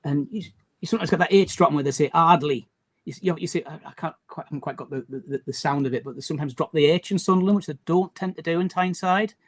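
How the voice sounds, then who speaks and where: A man with a slight Durham accent and a faint Teesside lilt talks in a loose, rambling way, restarting his sentences as he goes. His voice sits a little higher than most men's. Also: racing. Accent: mild Durham accent with a trace of Teesside. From County Durham, England. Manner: chatty, rambling, many restarts. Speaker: guest, map and book publisher. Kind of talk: casual interview chat.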